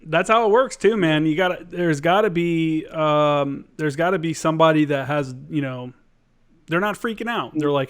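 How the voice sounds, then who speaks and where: Casual, profane podcast host. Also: male voice, fairly high pitch, moderate pace, clean tone. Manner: casual, profane, animated storytelling. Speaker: podcast host, former Marine.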